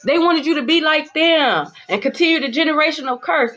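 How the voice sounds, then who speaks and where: A woman giving a spiritual tarot reading to her viewers, blunt and profane, swinging between calm reassurance and heated calling-out. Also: high-pitched, brisk, few pauses. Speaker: tarot reader. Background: background music.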